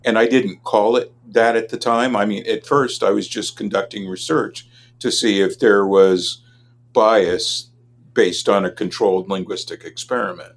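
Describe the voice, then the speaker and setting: A man from Los Angeles, a linguist answering interview questions in a measured, academic way. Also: on the low side, steady tone. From Los Angeles, USA. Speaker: linguist, guest expert.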